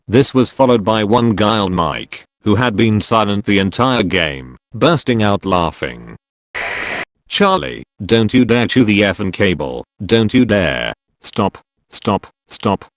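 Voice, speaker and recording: A man reading out a series of short anecdotes as scripted narration, in a steady, even delivery that keeps quoted lines flat. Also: lowish voice, no room sound. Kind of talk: scripted narration of online posts.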